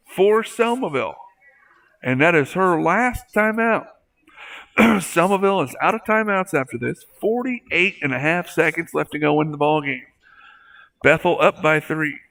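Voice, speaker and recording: A man gives play-by-play for a local high school basketball game. His folksy style addresses listeners as folks, and he gets worked up when big plays happen.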